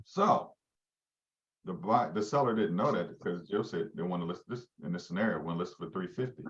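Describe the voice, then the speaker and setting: A man's voice: deep voice, expressive, brisk, fairly bright tone, highs cut off. A man leading a live training session for real estate agents, quizzing his listeners as he goes. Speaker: real estate team leader teaching agents.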